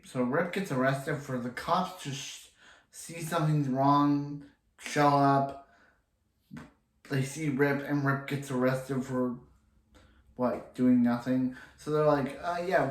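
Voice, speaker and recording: A man's voice: medium pitch, roomy sound, low-quality recording. A man casually recapping a TV episode, rambling and restarting his sentences often as he quotes the characters in passing. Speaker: TV episode reviewer.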